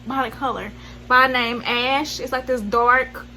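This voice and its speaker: A woman's voice: on the high side, steady tone, measured pace, sharp tone, low-quality recording. A woman with a Southern US accent talking through a makeup tutorial in a chatty, rambling way, full of slang and self-corrections. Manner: chatty, rambling, slangy, loses track mid-sentence. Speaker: beauty vlogger.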